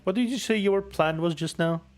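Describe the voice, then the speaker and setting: A man's voice: sits high, moderate pace, pitched above the performer's own voice, natural voice. A man voicing a smug, sneering little boy in a game, talking in a mocking, fake-sweet way. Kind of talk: reading game dialogue aloud.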